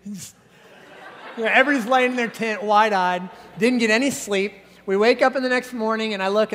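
A middle-aged male pastor with a notably high voice delivers a sermon in a large church hall whose sound rings with a long reverb. He tells stories with animation and slips into the voices of the people he quotes. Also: a bit bright.

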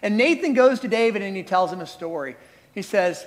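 A male pastor in his forties preaching with animated, conversational storytelling. His voice sits high for a man. It carries a long reverb, as if from a large hall. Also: fairly quick. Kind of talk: sermon.

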